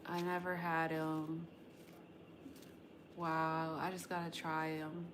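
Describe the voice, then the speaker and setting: A deep, completely flat voice moves at a slow pace through background noise as this woman hosts her tarot livestream. Hailing from the West Coast of the United States, she rambles loosely with viewers in slang and swears casually.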